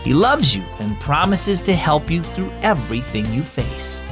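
A man hosting a Christian children's devotional and reading a story aloud, gentle and expressive. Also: a little high, moderate pace, over music. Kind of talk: scripted narration for children.

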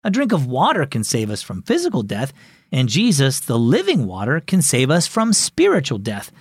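A man voicing a kind, patient mother who explains things gently in a storybook reading. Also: medium pitch, wildly swooping pitch, moderate pace, slightly rough, no room sound, clean studio sound, full character voice. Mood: gently teaching.

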